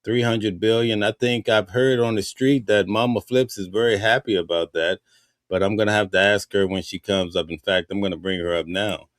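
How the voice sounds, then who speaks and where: Guy hosting a live news stream, lowish voice, dry close sound. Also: fairly even intonation, moderate pace, no echo. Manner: conversational, reads viewer comments aloud. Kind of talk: casual news chat.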